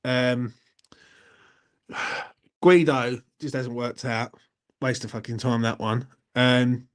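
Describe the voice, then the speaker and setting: A man's voice: medium pitch, steady tone, slow, pauses often. A man hosts a fan channel live stream, chatting casually and answering viewers. He rambles in a matey way and swears freely. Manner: rambling and matey, swears, keeps asking "you know what I mean".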